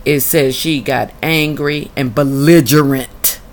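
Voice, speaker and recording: A woman's voice: rumbling low, steady tone, slow. A woman reading out documents from her own case and answering them bluntly and indignantly. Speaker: tenant telling her own housing case. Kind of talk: reading documents aloud and reacting.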